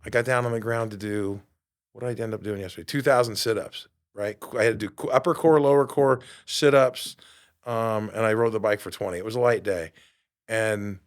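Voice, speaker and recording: A man in his fifties, a podcast host and fitness coach, giving an animated motivational monologue and acting out quoted voices. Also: lowish voice, a little fast.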